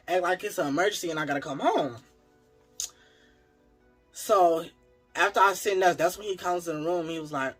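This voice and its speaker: Husky, animated man telling a story. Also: a little high, moderate pace, long pauses, faint music behind. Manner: animated, profane, talks to viewers as y'all. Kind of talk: casual storytime.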